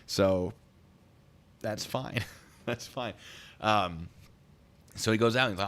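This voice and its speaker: A man telling a story on a live stream, excitable and rambling. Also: lowish voice, moderate pace.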